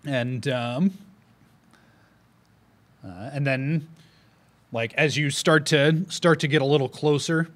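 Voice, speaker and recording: A man's voice: a little high, fairly even intonation, takes it slowly, pauses often, a bit bright. A man narrating a tabletop fantasy game as game master, rambling with many fillers and restarts.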